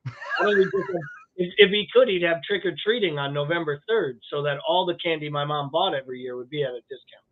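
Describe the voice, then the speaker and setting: A man co-hosts a live podcast, trading wry jokes and casual swearing in easy chat. His voice is somewhat high for a man. It comes through a thin, tinny, phone-like line. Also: fast talker, a little hiss or hum. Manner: wry, joking, profane banter. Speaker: podcast co-host.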